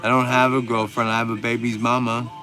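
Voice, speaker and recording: A man's voice: mid-range voice, flat delivery, a little fast, bright, forceful tone, faint music behind. A man, hosting a casual livestream and bantering with viewer comments in laid-back, profane slang. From Texas. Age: 40s. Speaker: livestream host.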